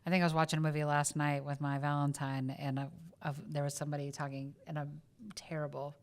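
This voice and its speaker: A woman co-hosting a film podcast, with a faint Southern US lilt in her speech. Her voice sits low and sounds smooth and clear. She thinks out loud, circling back with fillers and restarts as she works through her opinions. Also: little pitch movement, fast. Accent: subtle Southern US. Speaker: podcast co-host. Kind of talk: casual film review chat.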